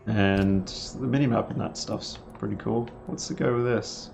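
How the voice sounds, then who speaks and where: Gravelly man streaming a game. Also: on the low side, normal speed, a little mellow, faint music behind. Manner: chatty, rambling, answers viewer chat. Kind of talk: casual gameplay commentary.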